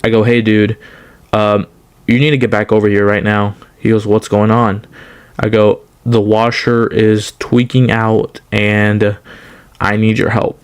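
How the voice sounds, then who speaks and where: A man's voice: on the low side, level tone, a little slow, clear, resonant tone. A young man telling a casual storytime on his channel, rambling with many restarts and fillers. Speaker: storytime YouTuber.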